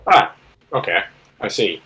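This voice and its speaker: A man's voice: fairly low pitch, very animated, a little slow, pushed and bright. A man playing in a tabletop game, talking casually with short, agreeable replies. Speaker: player.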